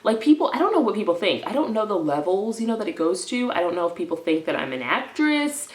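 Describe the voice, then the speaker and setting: A young woman vlogging in a stressed, rambling confessional, swinging from low mumbling to loud indignant outbursts and slipping made-up words into her speech. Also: sing-song, fast. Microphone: camera in front of her. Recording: echoey room.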